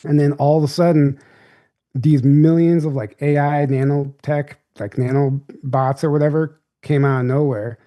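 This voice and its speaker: A man's voice: fairly high pitch, fairly even intonation, normal speed, mellow. A young adult man, a podcast guest, telling a story in a loose, rambling, casual way.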